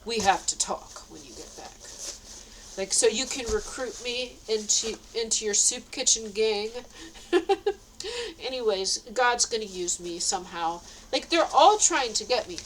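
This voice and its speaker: A woman's voice: a little high, lively intonation, unhurried, slight background noise, rough recording. A woman telling a rambling story in a casual vlog, with frequent nervous laughs. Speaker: vlogger.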